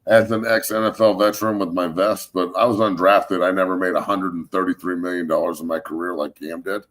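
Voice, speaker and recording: A man in his thirties hosting a sports talk show, ranting in a heated, profane way with loud, emphatic swings. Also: sits low, fairly even intonation, a little fast. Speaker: show host, former NFL lineman.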